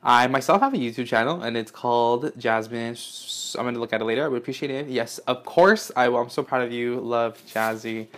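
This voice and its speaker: A young man unboxing fan mail in an excited, gushing vlog, swearing often and gasping as he reads letters aloud. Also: mid-range voice, fairly quick, few pauses. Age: young adult. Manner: gushing, swears a lot, gasps and squeals.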